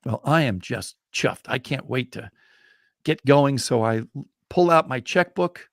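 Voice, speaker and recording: Animated older male storyteller. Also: mid-range voice, measured pace, gravelly, no echo, clean studio sound. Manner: animated, acts out the people in his stories. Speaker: storyteller and co-host. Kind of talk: casual storytelling.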